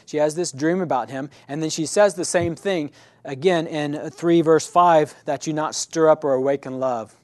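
A man leads a Bible study class in a chatty, conversational way, checking in with his listeners as he goes. His voice sits a little higher than most men's and he corrects himself mid-sentence. The sound is dry, with little room echo. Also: a little mellow. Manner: conversational, keeps checking in with "right?"; restarts and self-corrections.

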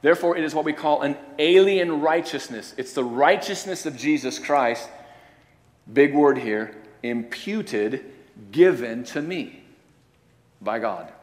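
A male preacher delivering a sermon, swinging from quiet, low statements to loud, emphatic declarations. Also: animated, measured pace. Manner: varies loudness, rising to emphatic declarations and dropping low. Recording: long hall reverb.

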